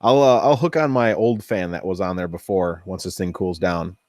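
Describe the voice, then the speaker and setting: A man hosting a casual workshop build vlog, chatty and thinking aloud as he tests his machine, easily excited when something works. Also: deep voice, normal speed, dry recording, clean studio sound. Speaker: 3D printing hobbyist host.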